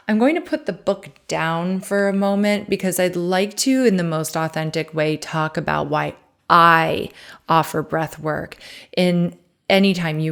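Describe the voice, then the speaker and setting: A woman podcast host and life coach leading a guided breathing meditation, calm and counting breaths aloud. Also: fairly low pitch, smooth.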